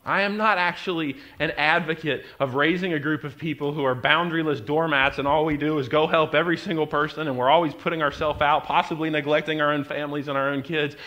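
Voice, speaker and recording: A middle-aged pastor delivers a sermon. His voice is bright and slightly high. He drops into quiet, confiding storytelling, then climbs to loud, driving emphasis. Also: fairly even intonation, quick pace, hardly any pauses. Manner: storytelling, swings from quiet asides to loud preaching.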